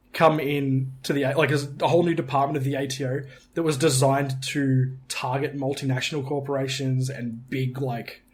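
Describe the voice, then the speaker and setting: A young man in casual podcast chat, excitable and swearing, laughing often between quick asides. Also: mid-range voice. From Australia. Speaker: podcast co-host.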